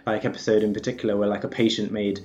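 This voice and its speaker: A man's voice: fairly low pitch, little pitch movement, rapid-fire, a little mellow. Rambling man, slightly lo-fi. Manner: rambling, many fillers like "like" and "um". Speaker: podcast co-host. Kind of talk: casual chat. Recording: slightly dull, lo-fi sound.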